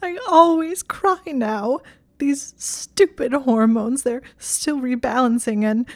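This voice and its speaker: A woman's voice: lowish voice, normal speed, dark tone, dry recording, clean studio sound, lightly acted. A woman voicing a stubborn, anxious young witch who is defensive and tearful.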